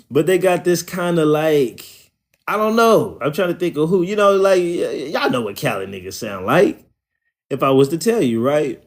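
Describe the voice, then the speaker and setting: A man's voice: on the high side, sing-song, moderate pace, darkish tone. A man with an Oklahoma country accent, hosting a livestream in casual, rambling, profane talk. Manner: rambling, profane, loose and conversational. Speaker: livestream host.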